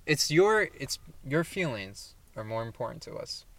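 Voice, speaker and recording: A man's voice: medium pitch, big pitch swings, moderate pace, gravelly, fairly bright tone. A man co-hosting a podcast, chatting casually and teasing his co-host with jokes. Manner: joking, teasing interjections. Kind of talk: casual chat.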